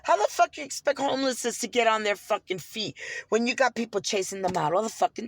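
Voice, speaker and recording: A woman's voice: fairly high pitch, lively intonation, fast talker, dry recording. An American woman ranting in a casual vlog, swearing heavily and sounding heated and indignant. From United States. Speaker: vlogger. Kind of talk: casual storytelling rant.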